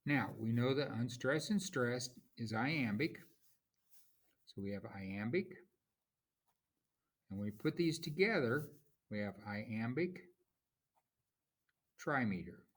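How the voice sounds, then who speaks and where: A man teaching a recorded lesson, explaining in a slow, informal way and correcting himself as he goes. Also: mid-range voice, animated, husky. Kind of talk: recorded lecture.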